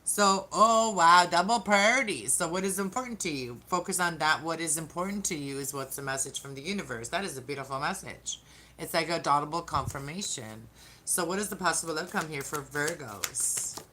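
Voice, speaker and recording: Chatty low-voiced tarot reader woman. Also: fairly quick, pushed and bright, a little hiss or hum. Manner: chatty, greets viewers, trails off and restarts. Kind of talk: casual live-stream tarot reading.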